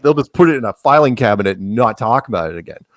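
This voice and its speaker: Chatty, animated man on a dry mic. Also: mid-range voice, quick pace, no room sound. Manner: animated storyteller, jokey asides, frequent restarts. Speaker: podcast guest. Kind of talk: casual podcast conversation.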